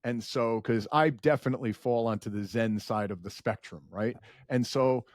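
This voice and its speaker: A man in his forties, a company founder telling stories as a podcast guest in an earnest, animated way. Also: moderate pace, no echo, clean studio sound. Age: 40s. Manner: earnest, animated storyteller, rises in pitch when emotional. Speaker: guest, data center founder. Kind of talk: podcast interview storytelling.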